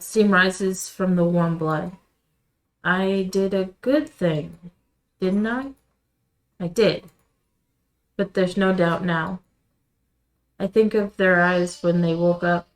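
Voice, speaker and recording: A woman streamer reading a visual novel aloud in quiet, measured first-person narration. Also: lowish voice, rough recording. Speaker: let's-play streamer.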